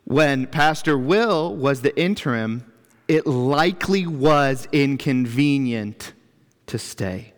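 Male pastor, unhurried, earnest sermon, reverberant sanctuary. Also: medium pitch, animated. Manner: reflective, earnest, builds emphasis through lists. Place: church. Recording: long reverb of a church hall.

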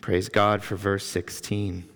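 Male pastor, unhurried, earnest sermon, reverberant sanctuary. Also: on the low side, level tone, fairly bright tone. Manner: reflective, earnest, builds emphasis through lists. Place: church. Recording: long reverb of a church hall.

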